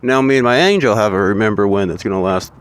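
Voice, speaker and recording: A man's voice: on the low side, quick pace, clean tone. A man telling a story in a casual, profane and rambling way, full of swearing and asides.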